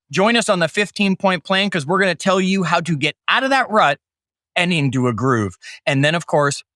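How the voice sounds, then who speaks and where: Man, podcast host, bright forceful tone, a bit high, dry close sound, hyped jokey delivery. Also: dry recording. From Canada. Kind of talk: upbeat podcast intro and interview.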